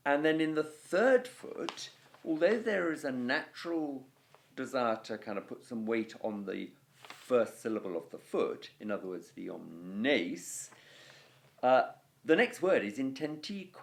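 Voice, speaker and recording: A man gives a casual video lesson on Latin verse. His voice rides up and down with animated, lively intonation. He keeps it conversational, peppered with "okay" and "you know". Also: medium pitch, normal speed, vocal fry, slight background noise. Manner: chatty explaining with frequent "okay" and "you know". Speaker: Latin teacher.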